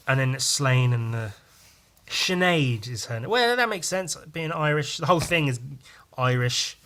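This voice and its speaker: Male podcast host: loose, profane, jokey comic-review patter with a bright voice. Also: medium pitch, expressive, unhurried, clear, resonant tone. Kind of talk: casual comic review commentary.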